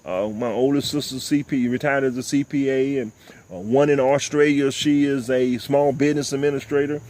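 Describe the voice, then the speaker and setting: An older man, hosting a talk show and delivering impassioned, preachy commentary, often repeating "ladies and gentlemen.". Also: mid-range voice, fairly even intonation, moderate pace. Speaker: host.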